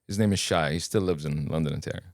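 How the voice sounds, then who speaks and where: A man's voice: very deep voice, quick pace, no echo, studio quality. A man from Kuwait, a podcast guest telling his own story casually and acting out the dialogue as he goes. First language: Arabic. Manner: animated, casual storyteller who acts out dialogue. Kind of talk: personal storytelling in an interview.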